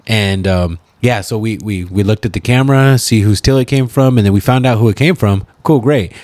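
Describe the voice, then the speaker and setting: A man talking in a rapid, profane, casual way, often saying bro and dude. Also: on the low side, darkish tone, no room sound. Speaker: podcast co-host or guest. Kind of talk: casual chat.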